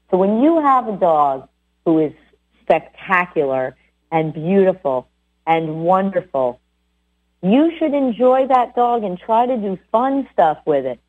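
A woman hosting a radio show about dog training, coaching listeners in a lively, direct way. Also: lowish voice. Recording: tinny phone-like sound.

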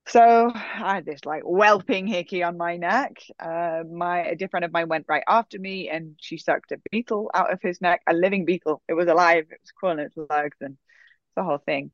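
A woman telling a personal story in a casual, animated way, full of fillers. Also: fairly low pitch, normal speed, no echo. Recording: dull, dry sound.

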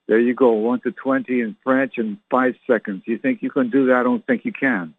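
A man's voice: medium pitch, fairly even intonation, fairly quick, hardly any pauses, slightly rough, no room sound. A man in his sixties hosting his own show, talking alone from a home patio in a chatty, joking, meandering way. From Canada. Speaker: show host. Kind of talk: rambling solo monologue. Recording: tinny phone-like line, dry.

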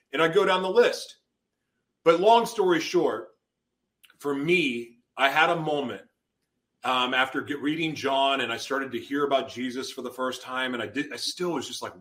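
A man's voice: medium pitch, normal speed, pushed and bright. A man guest on a podcast, giving an intense personal testimony and acting out his past outbursts as he tells it.

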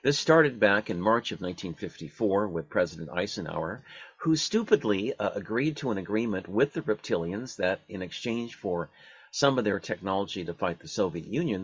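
A man hosting a radio talk show, talking in a halting way with many fillers and restarts. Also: sits low, lively intonation, highs cut off.

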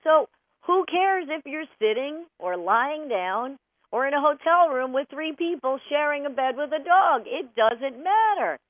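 A woman hosts a radio advice show from a studio, and her voice moves a lot, rising and falling as she presses her points. She sits a little high and talks right at the listeners. The sound is dry and squeezed thin, like it is coming down a phone line. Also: no echo. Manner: animated, emphatic, addresses listeners directly. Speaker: radio show host and dog trainer. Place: broadcast studio.

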